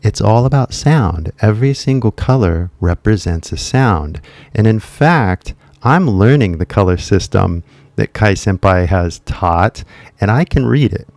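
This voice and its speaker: A man calmly explaining why he likes a pronunciation course, speaking deliberately and correcting himself as he goes. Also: fairly low pitch, no echo. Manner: slow, deliberate, with self-corrections. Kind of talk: slow casual explanation.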